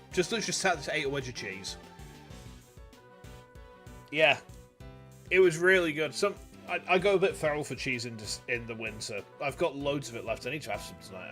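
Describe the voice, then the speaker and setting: A man's voice: medium pitch, a bit bright. A man with a Yorkshire accent, a streamer chatting casually while gaming, rambling and joking with some swearing. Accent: Yorkshire English. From Yorkshire, England. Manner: rambling, profane, jokey.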